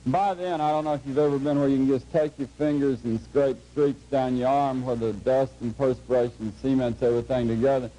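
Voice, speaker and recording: A middle-aged man gives a lecture to a class, telling a humorous story in a dry, unhurried, folksy way. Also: medium pitch, steady tone, warm tone, poor audio. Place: lecture hall before a live audience.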